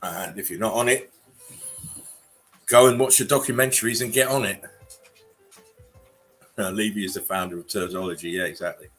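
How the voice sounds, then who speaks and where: A man hosting a casual livestream chat, relaxed and rambling as he greets viewers and laughs between remarks. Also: lowish voice, moderate pace, long pauses, soft background music. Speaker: livestream host.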